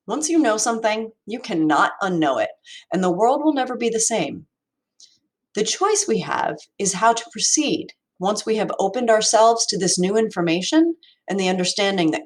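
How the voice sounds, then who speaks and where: A woman in her forties tells a personal story in a prepared talk, measured and reflective. Her mid-range voice moves up and down in a lively way as she speaks. She sounds like an educator addressing an audience. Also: medium pitch.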